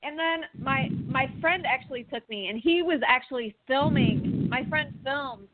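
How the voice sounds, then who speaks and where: A woman hosting a talk show in casual chat, telling stories with animated acted-out reactions. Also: high voice, normal speed, noisy background. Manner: animated storyteller, acts out her own panicked thoughts. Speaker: podcast host. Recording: dry phone-like line.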